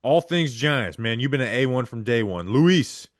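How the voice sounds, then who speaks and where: Man, podcast host, reading names, mid pitch, dry close sound. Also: animated, no room sound. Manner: rapid list-reading with stumbles over names. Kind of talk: reading supporter names aloud.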